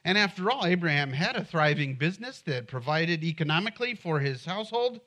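A man's voice: fairly high pitch, big pitch swings, a little fast, pushed and bright. A middle-aged man preaching a sermon in church, conversational and humorous, often asking the congregation questions. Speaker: pastor.

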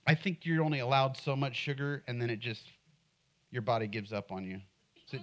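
A man's voice: mid-range voice, fairly even intonation, brisk, fairly bright tone, highs cut off. A middle-aged man preaching a sermon in church, conversational and humorous, often asking the congregation questions. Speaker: pastor.

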